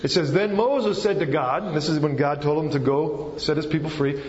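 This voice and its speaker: A man's voice: on the high side, normal speed, few pauses, darkish tone. Preaching man in an echoey hall. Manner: explains step by step, checks in with the listeners. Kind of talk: sermon. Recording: echoey hall, slightly dull sound.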